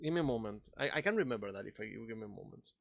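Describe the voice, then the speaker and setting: A man with a non-native English accent streaming a video game, chatting excitably, laughing and swearing often. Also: lowish voice, very fast, gravelly, no room sound, lo-fi sound. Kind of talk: casual live-stream chat.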